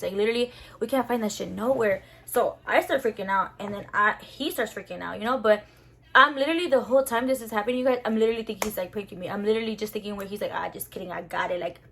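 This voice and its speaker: A young woman telling a story to her viewers in a casual, animated, slangy way, full of swearing. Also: a little high, a little hiss or hum. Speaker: vlogger.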